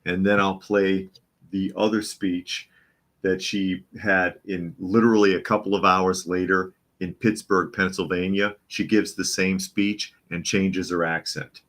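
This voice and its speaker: Deep-voiced man mocking the news. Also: level tone, unhurried, a bit bright. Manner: mocking, chuckling while reading chat comments. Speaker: podcast host. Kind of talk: live-stream news commentary.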